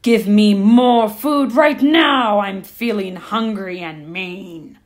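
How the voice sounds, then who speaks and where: A woman voicing a huge, greedy male ghost who roars slow, booming demands in a storybook read-aloud. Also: fairly bright tone. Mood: demanding.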